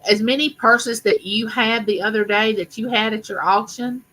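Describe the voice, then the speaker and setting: An older woman with a drawl hosts a casual live chat, calling out to viewers by name. Her voice is bright and forceful, and her way of talking is chatty and affectionate. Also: a little high, normal speed, rough recording. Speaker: live stream host.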